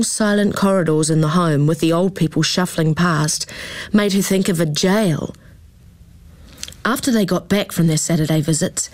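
A woman narrates a children's story in a calm, expressive reading. Her voice sits low for a woman. The recording is dry and close, with no room sound. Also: dry recording.

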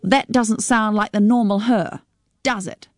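A woman's voice: medium pitch, steady tone, measured pace, no echo, studio quality, natural voice. A woman reading a story on the radio, voicing a worried young daughter who pleads anxiously. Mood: worried pleading.

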